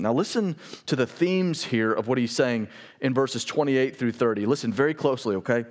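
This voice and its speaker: A man preaching a sermon as pastor, earnest and emphatic, repeating words and dropping to a quiet voice for emphasis. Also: medium pitch, normal speed.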